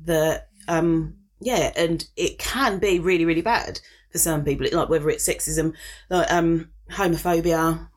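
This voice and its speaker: A brash, outspoken woman in her forties with a low voice, chatting casually as a co-host. She is loud and blunt and swears freely. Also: steady tone, unhurried, hardly any pauses. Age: 40s. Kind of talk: casual chat.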